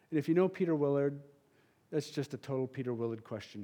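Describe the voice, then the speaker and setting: A middle-aged man preaching a sermon in a church, passionate and emphatic, with sudden loud peaks and then a soft, quiet prayer. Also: medium pitch, quick pace. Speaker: pastor.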